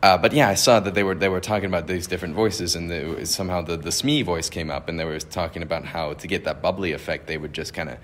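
A young man, a theater student, chatting casually in an interview in a relaxed, rambling way. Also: sits low, fast talker, hardly any pauses, a little hiss or hum. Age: young adult.

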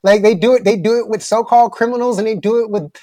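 Animated man, dry close sound. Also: high voice, quick pace, no room sound. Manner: fluent but filler-heavy, frequent "like" and restarts; grows animated and intense when making a point. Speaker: guest author. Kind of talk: casual conversational interview.

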